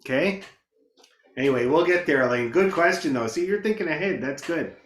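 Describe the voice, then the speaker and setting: A man's voice: a little high, expressive, brisk, fairly bright tone, reverberant. A man teaching a beginner fiddle class online, encouraging students, counting them in and calling out the notes. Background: fiddle playing.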